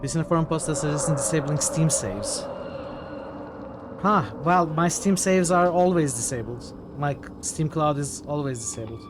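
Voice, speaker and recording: A man's voice: on the high side, moderate pace, noisy background. Wry male game streamer, light voice. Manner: wry, joking asides. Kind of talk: casual game commentary.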